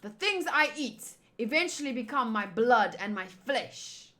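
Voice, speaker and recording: A woman's voice: on the high side, lively intonation, a little slow, sharp tone. A gluttonous, boastful king, put on by a woman.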